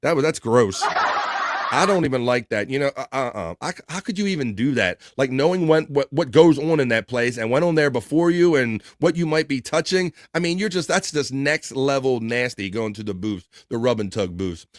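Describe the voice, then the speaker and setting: A man hosting a loose, casual livestream, reading out chat messages and riffing on them with plenty of ums and uhs. His voice sits at an ordinary mid pitch. The sound is dry and close, with no room echo. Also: expressive, moderate pace. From East Coast of the US. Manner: rambling, reads chat messages aloud with filler words. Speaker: live stream host reading chat.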